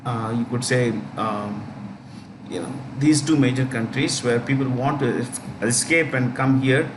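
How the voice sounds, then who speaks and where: A man with an Indian English accent teaching a current affairs lesson, saying key names twice, slowly, with many fillers. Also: mid-range voice. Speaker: exam coaching teacher. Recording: echoey room, faint background noise.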